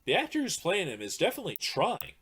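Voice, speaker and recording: A man hosting a casual movie review chat, talking in an animated, mocking way. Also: high-pitched, fast talker, slight background noise.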